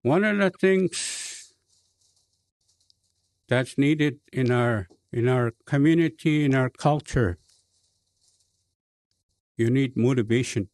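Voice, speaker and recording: A man with a Cree accent, a bishop telling a personal story in a slow, halting way with many fillers and restarts. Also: medium pitch, darkish tone, dry recording. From Canada.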